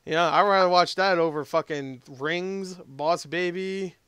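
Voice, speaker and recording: A man's voice: sits high, a little slow, sharp tone, smooth, no echo, studio quality. A young man hosting a casual movie chat, profane and laughing often. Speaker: podcast host.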